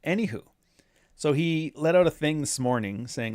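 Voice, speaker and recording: A man's voice: mid-range voice, moderate pace, dry recording, clean studio sound. A man doing casual commentary, rambling through sarcastic asides. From Canada. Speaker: commentary host.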